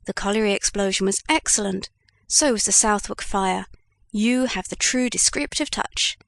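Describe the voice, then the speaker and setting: A woman voicing a kindly old male news editor in an audiobook, read in a measured way. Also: medium pitch, creaky, no echo, lightly acted.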